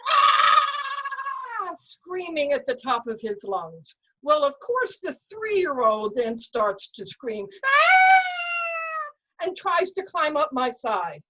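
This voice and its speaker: A woman tells a true story from her own life to a story-slam audience over a video call. Her voice sits a little high, and her delivery is lively and dramatic. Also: takes it slowly, hardly any pauses, very noisy. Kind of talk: personal story told at a story slam.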